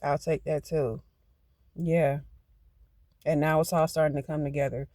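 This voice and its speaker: A fired-up man reading cards with a lilt, his voice sitting a bit high. He preaches empowerment emphatically, hypes himself up and mutters to calm down, heard close and dry with no room sound. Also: unhurried, no echo. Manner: emphatic, gets hyped, talks to self. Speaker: tarot card reader. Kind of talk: channeled card reading.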